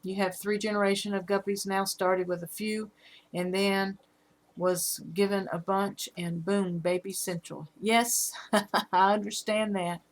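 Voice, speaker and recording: A middle-aged woman with a Southern accent, hosting a casual live stream about her fish, halting often with fillers. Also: medium pitch, level tone. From Alabama. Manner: rambling, halting with fillers, reads out chat comments.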